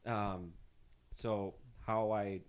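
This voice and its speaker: A man's voice: on the low side, flat delivery, drawn-out words, clear, resonant tone. A man from Northern Ontario, a musician guest on a podcast, telling stories in a loose, rambling way with frequent restarts and casual swearing. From Northern Ontario, Canada. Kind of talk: casual storytelling chat.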